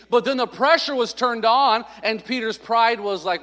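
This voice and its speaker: Male pastor preaching, high bright voice, storytelling, long hall echo. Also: moderate pace, hardly any pauses. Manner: animated, acts out quoted voices, conversational and humorous. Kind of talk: sermon with storytelling.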